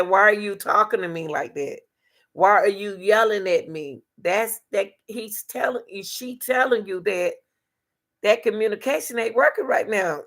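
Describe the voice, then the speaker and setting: A woman hosting a casual advice talk on relationships, emphatic and repetitive, speaking straight to her listeners. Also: mid-range voice.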